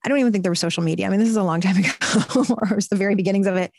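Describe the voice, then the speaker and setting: A woman in her forties, a podcast guest, telling a personal story in an earnest, animated way with quick bursts. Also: mid-range voice, slight background noise. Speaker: podcast guest, purpose coach. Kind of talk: conversational storytelling.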